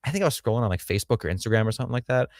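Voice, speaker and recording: A man's voice: medium pitch, lively intonation, racing, dry recording, clean studio sound. A man co-hosting a casual show review livestream, blunt and crude with joking asides. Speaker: podcast co-host.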